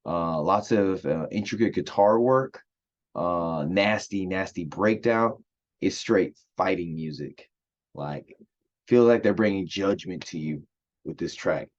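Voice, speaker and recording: A man's voice: deep voice, darkish tone, lo-fi sound. A man casually reviewing an album, chatty and eager, with lots of fillers and restarts. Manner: chatty, filler-heavy, enthusiastic. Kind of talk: casual music review monologue.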